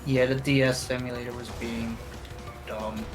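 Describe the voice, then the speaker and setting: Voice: mid-range voice, flat delivery, moderate pace, over music. A player in a game's voice chat, trading crude teasing banter. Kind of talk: casual gaming chat.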